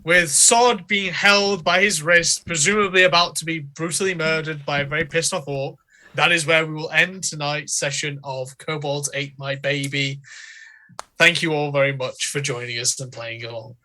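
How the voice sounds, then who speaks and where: A man narrating a tabletop game as game master, telling the scene slowly and deliberately and laughing often. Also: a little high, fairly even intonation, sharp tone.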